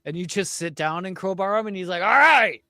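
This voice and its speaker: A man co-hosting a podcast, rambling through dark jokes full of fillers in casual banter. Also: high voice, steady tone, fast talker, clear, resonant tone, no echo, studio quality. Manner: rambling, darkly joking, filler-heavy. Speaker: podcast co-host.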